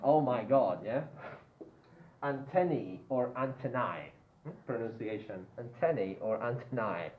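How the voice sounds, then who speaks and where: A man teaching an English grammar lesson, slowly repeating words for pronunciation drills and checking in with "yeah?". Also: mid-range voice, lively intonation, a little hiss or hum. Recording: tinny phone-like line in an echoey room.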